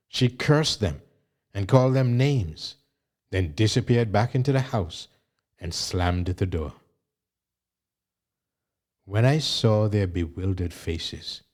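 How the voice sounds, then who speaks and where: A man reading a memoir aloud in a measured, even narration. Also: mid-range voice. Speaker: audiobook reader.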